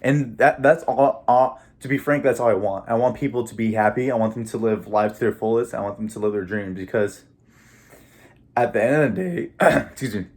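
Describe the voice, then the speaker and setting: A young man with a somewhat low voice talks off the cuff about his big dreams. He rambles and trips over his words, laughing as emotion catches in his throat. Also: steady tone, fairly quick, few pauses, a little mellow. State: emotional, choked up. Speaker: vlogger. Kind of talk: casual motivational monologue.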